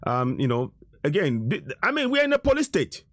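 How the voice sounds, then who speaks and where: A man's voice: fairly high pitch, huge pitch swings, a little fast, no echo, clean studio sound. A middle-aged man giving indignant commentary over video footage, insisting and repeating himself. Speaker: activist commentator.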